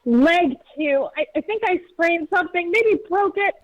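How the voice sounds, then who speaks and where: A woman's voice: very high-pitched, expressive, moderate pace. A woman voicing an injured young winged woman adventurer who speaks in a strained, pained voice. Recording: dull lo-fi mic.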